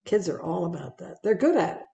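A woman speaks to an audience about her photos with a gravelly edge in her voice. Her delivery is chatty and lively, full of small fillers and restarts. The sound carries the echo of a room. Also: lowish voice, fairly quick. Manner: conversational and animated, with fillers and repeats. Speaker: wildlife speaker presenting slides. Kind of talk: public talk narrating photos.

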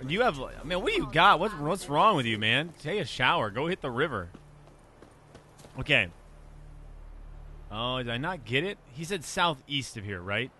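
A man's voice: a little high, very animated, normal speed, long pauses, bright, forceful tone, slightly rough. A man casually commenting on his own video game playthrough, joking and talking back to the characters on screen. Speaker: gameplay commentator. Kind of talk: let's play commentary. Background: game music.

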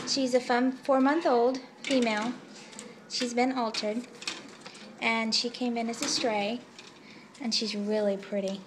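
A woman at an animal shelter talking to a caged cat in soft, cooing baby talk while filming it on a handheld camera. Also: fairly high pitch, normal speed, background noise. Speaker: shelter volunteer showing an adoptable cat. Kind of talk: casual filmed pet showcase. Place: animal shelter, indoors by cages.

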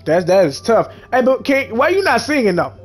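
Animated high-voiced young man gaming. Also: moderate pace. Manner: animated, mock-dramatic, talks to game characters. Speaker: gaming YouTuber. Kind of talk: comedic let's-play commentary. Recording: game music underneath.

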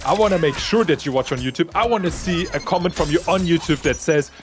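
A man co-commentating a fighting-game match live, breaking down plays with excitable analysis. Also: quick pace. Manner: excitable analysis, jumps in pitch. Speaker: esports co-commentator. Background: game music.

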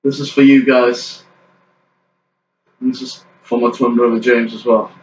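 A man with a raised voice calls backyard wrestling moves in an unhurried, excited play-by-play, shouting exclamations over the action. The sound is dull and lo-fi, with faint ambient noise. He is picked up from a distance in a roomy, echoing space. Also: mid-range voice. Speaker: channel host and backyard wrestling commentator.

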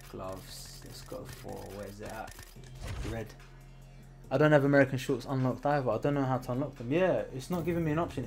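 A British man chats casually as he plays, at a middling pitch. He often sinks into a low mutter while he works. Faint music plays behind his voice. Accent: British English. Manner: chatty, drops into quiet muttering while working. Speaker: gaming streamer. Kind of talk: casual commentary while playing.

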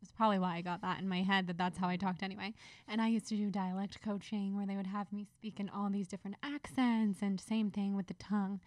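A woman's voice: medium pitch, little pitch movement, fast talker, dry recording. A woman guest on a podcast, talking in an earnest, reflective way with a bit of a Valley Girl lilt. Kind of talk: casual chat.

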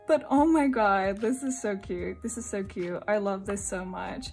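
A young woman from Singapore chatting excitedly at home while unboxing, gushing and laughing often. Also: medium pitch, a little slow, gravelly, soft background music. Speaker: unboxing vlogger. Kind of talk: excited casual unboxing chat.

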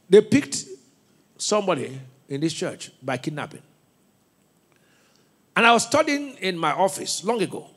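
A man with a Nigerian accent preaching a sermon in a church, with call-and-response questions, shouted bursts and laughing asides. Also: high voice, very animated, normal speed, pauses often, husky. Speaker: pastor.

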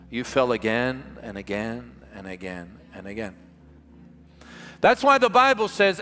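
A man preaching a revival sermon as pastor, impassioned and emphatic, stretching key words slowly for weight, recorded live in a large church. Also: high-pitched, bright, forceful tone. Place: large church hall with music behind. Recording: live church hall reverb.

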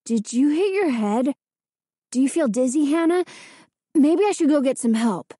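A woman voicing a concerned boy who speaks softly and gently. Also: high voice, expressive, normal speed, no echo.

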